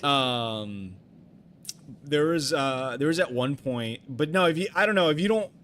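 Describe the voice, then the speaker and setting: A man's voice: medium pitch, expressive, unhurried, fairly bright tone, a little hiss or hum. Rambling, swearing young man streamer. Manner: rambling, full of fillers and restarts, swears freely. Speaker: game streamer. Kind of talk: casual storytelling on a live stream.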